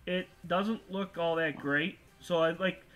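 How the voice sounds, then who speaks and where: A man's voice: high-pitched, fairly even intonation, a little slow, fairly bright tone, soft background music. A man hosting an astronomy livestream, chatting casually over an online voice call and rambling with lots of "like" and restarts. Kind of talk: casual live-stream chat.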